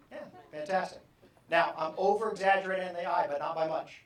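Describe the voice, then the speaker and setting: A middle-aged man giving a lively, jokey motivational talk on stage, acting out the people in his stories. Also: high-pitched, brisk. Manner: animated, jokey, acts out characters. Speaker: motivational speaker. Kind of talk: live keynote talk to an audience. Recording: echoey hall from far off.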